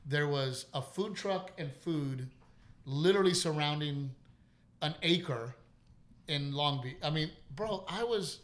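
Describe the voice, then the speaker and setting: A middle-aged man from Texas, hosting a podcast and telling stories in an animated way, laughing often and swearing. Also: on the high side, slow pace. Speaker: podcast host. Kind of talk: casual chat.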